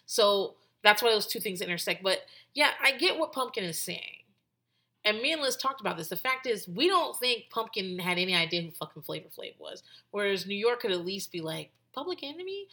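A woman's voice: mid-range voice, lively intonation, brisk, pushed and bright. A woman hosting a podcast in casual chat, talking in a loose, rambling way full of "like" and restarts and swearing freely. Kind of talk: casual commentary.

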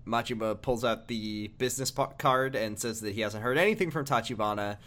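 A man's voice: medium pitch, fairly quick, a bit bright. A man co-hosting a casual podcast, joking and laughing often, with plenty of fillers. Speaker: podcast co-host.

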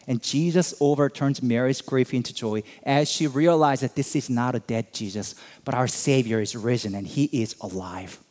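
A male pastor delivering a sermon with a voice that sits at an ordinary middle pitch. He leans into his points, climbing in pitch and volume for emphasis and pulling back into quiet for tender lines. He acts out the quoted voices as he speaks. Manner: preaching with swelling emphasis, dramatic pauses, quoted voices.

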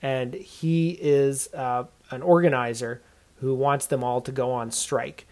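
A man of middle pitch talks through a film review on his podcast, keeping it loose and unscripted. He drifts along with plenty of "like" and "uh" as he sums things up. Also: steady tone, takes it slowly, a little mellow. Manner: conversational, loose, with frequent "like" and "uh". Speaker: podcast host. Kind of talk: casual spoken film review.

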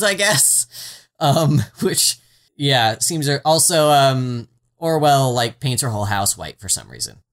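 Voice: mid-range voice, fairly bright tone. A podcast co-host recapping a TV series in casual chat, rambling through asides with a wry, sarcastic edge and the odd swear word. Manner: rambling and self-interrupting, with frequent "like" and "um" asides.

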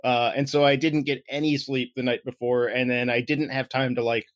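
A man's voice: medium pitch, level tone, fairly quick, no echo. A man hosting a casual podcast, talking in a rambling way with many fillers and restarts over a remote call. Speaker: podcast host.

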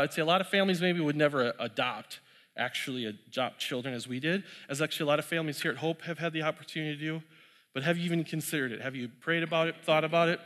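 Male preacher, casual and chatty testimony, slightly higher voice, long church reverb. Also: fairly bright tone. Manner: conversational storytelling, laughs often. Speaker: pastor sharing testimony. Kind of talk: sermon with personal story.

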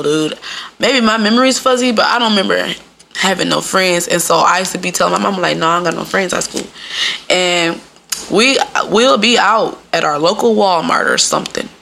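A woman's voice: on the low side, very animated, brisk, vocal fry, pushed and bright. A young adult woman hosting a podcast in casual, profane talk, laughing often and mimicking people in quotes. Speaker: podcast host.

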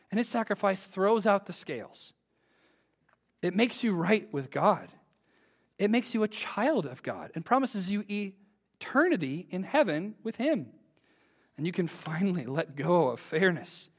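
A man's voice: sits high, sing-song, a little slow. A man preaching an earnest sermon to a congregation, building to emphatic peaks.

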